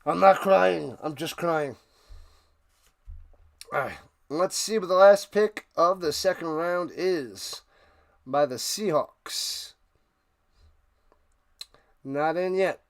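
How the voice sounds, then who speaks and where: A man hosting a live stream, giving casual play-by-play commentary that bursts into excited shouted calls. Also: on the high side, slow, gravelly, long pauses.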